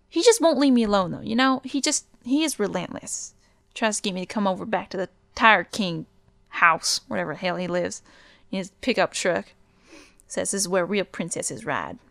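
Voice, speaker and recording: A woman's voice: medium pitch, vocal fry, a bit bright, dry recording. A woman with a Southern US accent playing a snooty, rambling teenage girl set on becoming a princess. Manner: chatty, rambling, defiant. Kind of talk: improvised comedy character.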